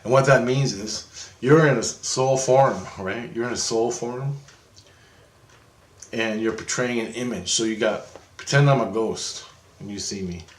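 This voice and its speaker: In an echoey room, a male vlogger with a medium-pitched voice gives an animated, rambling retelling of a long story. He speaks at a measured pace, swearing often and correcting himself throughout.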